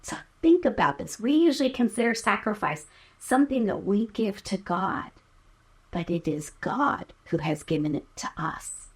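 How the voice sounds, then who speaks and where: Husky, measured woman teaching scripture. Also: medium pitch, lively intonation. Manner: measured, reads scripture aloud. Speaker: podcast host and Bible teacher.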